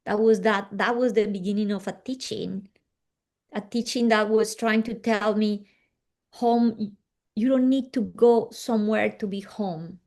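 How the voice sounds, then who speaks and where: A middle-pitched woman, appearing as an interview guest, tells a personal story in a soft, reflective voice. Her tone is steady and her pace a little slow, and she often sinks to a near hush at the ends of her thoughts.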